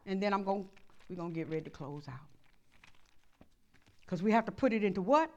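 A woman pastor preaching a sermon, swinging from soft asides to loud call-and-response exhortation. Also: medium pitch, lively intonation, fairly quick.

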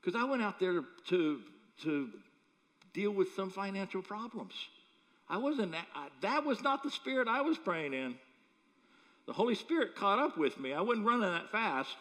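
A man preaching with humor, breaking into chuckles as he tells his stories. His pitch swings widely as he speaks, and his voice rings with the long reverb of a large hall. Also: moderate pace. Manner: animated, humorous storytelling with chuckles. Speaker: pastor. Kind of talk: sermon. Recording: echoey hall.

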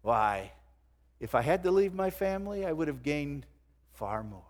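A man preaching a sermon to his congregation, swinging between loud emphasis and hushed low phrases. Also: big pitch swings, normal speed. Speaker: pastor. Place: church sanctuary. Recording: long hall reverb.

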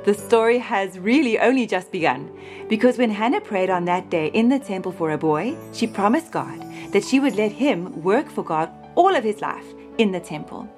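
A woman telling a Bible story to a child in a gentle, expressive manner. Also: mid-range voice, normal speed, soft background music.

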